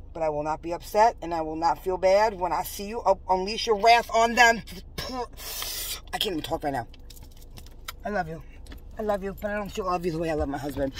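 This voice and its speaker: A woman's voice: lowish voice, a little fast, pauses often, a little hiss or hum. A woman telling a story in a vlog. She is fervently religious, agitated and rambling, and uses many fillers. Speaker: religious vlogger.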